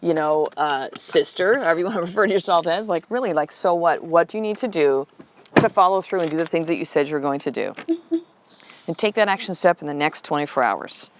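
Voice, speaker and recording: A woman's voice: on the low side, expressive, a little fast, a little hiss or hum. A woman hosting a solo motivational podcast as a life coach, talking bluntly with swearing and repeated rhetorical questions.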